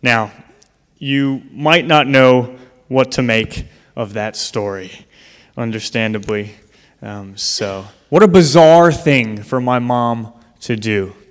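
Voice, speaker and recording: A man's voice: medium pitch, slow pace, clear, resonant tone. Man telling a story in a hall. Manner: storytelling, earnest with dry humor. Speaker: speaker. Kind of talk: public talk. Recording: long hall reverb.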